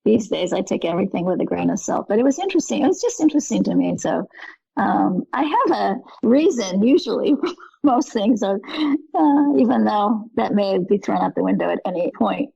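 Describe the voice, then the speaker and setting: A woman guest with a very gravelly, husky voice talks in a rambling, earnest way and keeps correcting herself. Her tone is mellow and the recording is dry and a little dull. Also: mid-range voice, expressive, fairly quick, no room sound. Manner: rambling, earnest, with frequent self-corrections and soft laughs. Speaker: guest artist. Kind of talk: casual conversation.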